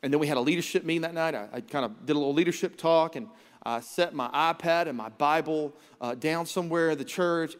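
A man preaching a sermon as pastor, telling a self-mocking story and acting out his own quoted lines. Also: fairly high pitch. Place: church sanctuary. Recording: long hall reverb in church.

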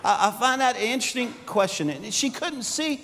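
A middle-aged male pastor preaching a sermon, swinging between loud emphasis and hushed, intimate asides. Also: very high voice, lively intonation, fairly quick, vocal fry, a little hiss or hum. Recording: long hall reverb.

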